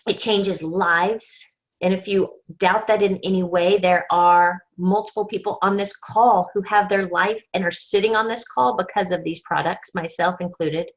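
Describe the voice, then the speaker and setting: A woman speaks earnestly on a team conference call, her voice at a middling pitch. She tells stories with strong faith, often quoting others. The audio is dull and lo-fi. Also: steady tone, normal speed. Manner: earnest, faith-driven, storytelling with quoted asides. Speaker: team leader.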